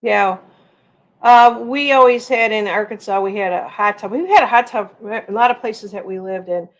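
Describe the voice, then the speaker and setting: Speaking at a normal pace in a mid-range voice, this middle-aged woman hosts a laid-back livestream. Her talk is chatty and meandering, and she reads out comments from viewers.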